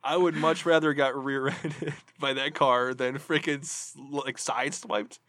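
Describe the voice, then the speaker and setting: A man tells a story in a casual, swearing-heavy podcast chat. He is animated and profane, and his voice sits in the middle of the male range. The sound is dry and close, with no room echo. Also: medium pitch, a little slow. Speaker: podcast co-host.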